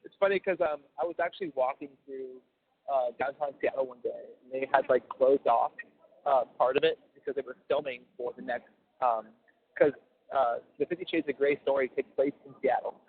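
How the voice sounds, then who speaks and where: A man's voice: medium pitch, a little fast. Laid-back swearing man on a tinny phone. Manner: chatty, laughs often, swears freely. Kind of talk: casual phone chat. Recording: tinny prison phone line.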